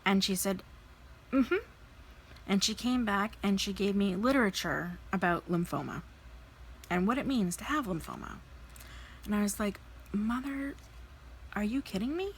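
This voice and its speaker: A woman in her thirties, a vlogger telling a personal story in a candid, animated way, acting out the people she quotes. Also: mid-range voice, moderate pace, long pauses, a little hiss or hum, rough recording. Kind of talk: casual storytelling while crafting.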